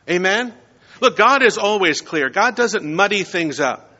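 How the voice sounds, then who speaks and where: A male pastor delivering a Sunday sermon, preaching in measured phrases and rising to emphatic peaks on key words. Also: high voice, expressive, bright, forceful tone. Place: church sanctuary. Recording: dull sound with long church reverb.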